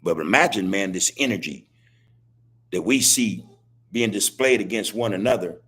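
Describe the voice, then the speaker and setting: A man talks to his live chat in a podcast monologue, repeating lines and preaching in casual street slang. His voice sits low and has a husky grain to it. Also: moderate pace, pushed and bright. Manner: preachy, repetitive street talk, laughs as he speaks. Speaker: podcast host.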